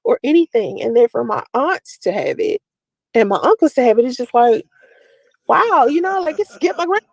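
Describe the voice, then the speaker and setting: A woman's voice: a little high, big pitch swings, moderate pace, vocal fry, low-quality recording. Rambling confessional woman. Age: adult with a daughter. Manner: rambling, confessional, many "like" fillers. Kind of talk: personal talk to camera.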